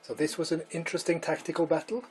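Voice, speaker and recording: A man's voice: fairly high pitch, steady tone, quick pace, low-quality recording. Man narrating a wargame report over music. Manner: recaps turns and questions his co-player. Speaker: battle report host.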